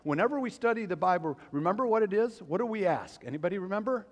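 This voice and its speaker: A pastor with a high-pitched male voice delivers a sermon, turning to the congregation with questions. His words ring out with a long reverb, as in a large sanctuary. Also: expressive, quick pace, hardly any pauses. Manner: preaching, asks the congregation questions.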